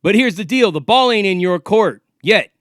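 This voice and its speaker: A man's voice: high voice, expressive, normal speed, fairly bright tone, no echo, studio quality. A man in his forties, from California, ranting to the camera in a confrontational, profane and taunting way. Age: 40s. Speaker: vlogger.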